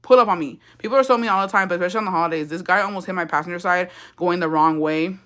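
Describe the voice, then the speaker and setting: Talking very fast in a lowish, fairly bright voice, a young Texan livestream host tells a story indoors. Her casual chat is blunt, loaded with swearing and sprinkled with Spanish.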